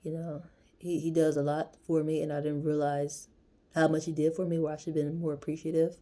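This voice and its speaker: This young vlogger speaks in a deep, dark voice with little pitch movement, moving fairly quickly. Her personal story wanders in a casual, chatty way, peppered with slang and frequent "yo"s.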